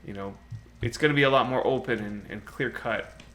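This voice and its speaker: On a game live stream, a man with a medium-pitched, fairly bright voice chats casually and fairly quickly. He rambles, laughs often, answers viewers' chat, and leans heavily on fillers like "you know."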